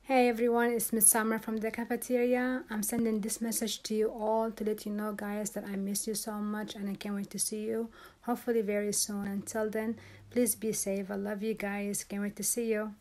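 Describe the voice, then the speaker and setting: A woman cafeteria worker speaks softly and evenly, her voice level and quiet, set back from the mic. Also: medium pitch, flat delivery, moderate pace.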